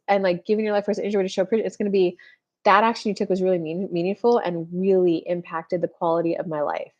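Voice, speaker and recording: A woman's voice: medium pitch, steady tone, fast, a little mellow, highs cut off. A woman in her thirties giving a casual live-stream tarot reading, chatty, full of "like", acting out little made-up dialogues as she talks. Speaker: tarot reader.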